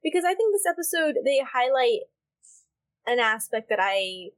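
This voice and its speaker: A woman's voice: sits high, big pitch swings, moderate pace. A woman co-hosting a podcast in casual chat, heated and emphatic, swearing freely. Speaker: podcast co-host.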